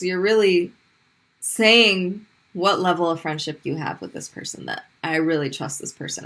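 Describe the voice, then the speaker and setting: A woman teaching a language lesson, patiently explaining letters and slowly repeating sounds for students to copy. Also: lowish voice, fairly bright tone. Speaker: Arabic teacher. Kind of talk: classroom lesson explaining pronunciation.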